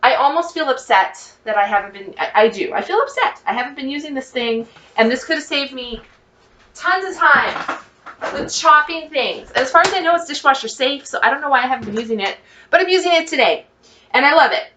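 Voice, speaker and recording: A woman chatting excitedly to her viewers as she cooks, thinking out loud in a casual vlog. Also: sits high, fairly quick, roomy sound, distant mic, slight background noise. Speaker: cooking vlogger. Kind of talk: casual cooking vlog, talking to camera. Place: home kitchen.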